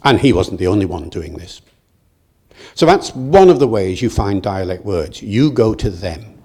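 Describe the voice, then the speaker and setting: An older British man giving a public lecture, telling stories in a lively, digressive way with acted quotes. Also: lowish voice, normal speed, husky. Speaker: guest lecturer. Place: lecture hall.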